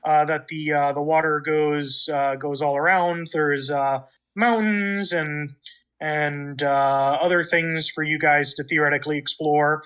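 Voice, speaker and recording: A man narrates a tabletop game as its dungeon master, his voice sitting fairly high. He talks in a hesitant way, filling gaps with uhs. The recording sounds dull and lo-fi. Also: steady tone, unhurried, a bit bright, smooth. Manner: hesitant, many fillers.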